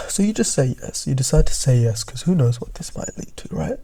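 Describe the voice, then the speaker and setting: A young man casually narrating a second-person storytime, often dropping into hushed, half-whispered asides. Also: medium pitch, animated, normal speed.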